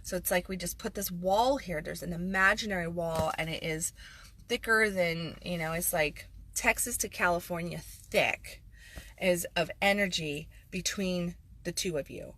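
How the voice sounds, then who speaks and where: A woman's voice: fairly low pitch, measured pace, a bit bright. A woman life coach talking frankly and emphatically in a casual video monologue, with sarcastic asides.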